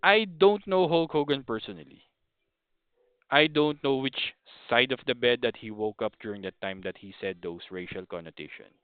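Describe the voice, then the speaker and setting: A man's voice: on the low side, clear, resonant tone, no room sound. A man in his thirties from the Philippines with a Filipino accent, hosting a podcast as a casual opinion monologue, rambling with frequent restarts and apologies. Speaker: podcast host. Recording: thin phone-like audio.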